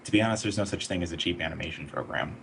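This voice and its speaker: A man with a very low voice talks through his animation work in a relaxed, explanatory way. He pauses on fillers as he thinks. Faint noise sits under his voice. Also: gravelly. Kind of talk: casual online interview.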